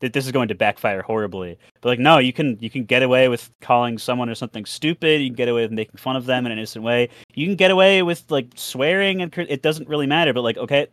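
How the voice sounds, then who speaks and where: A man's voice: medium pitch, a bit bright, dry recording. Man with a dry close-mic voice. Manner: agreeable, quick interjections. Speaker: podcast co-host. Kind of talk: casual panel chat.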